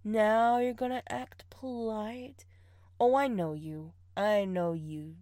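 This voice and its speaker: A woman's voice: mid-range voice, slow, a little mellow, no room sound, clean studio sound, close to an everyday voice. A young woman in an audio role-play, playing a bossy partner who teases, scolds and laughs often. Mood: teasing.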